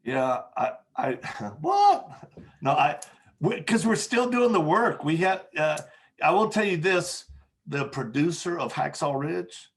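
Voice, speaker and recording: Gravelly-voiced man telling war stories. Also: on the high side, big pitch swings, slow. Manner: candid anecdotal storyteller, frequent "uh" and restarts. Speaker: podcast guest. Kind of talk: storytelling in conversation.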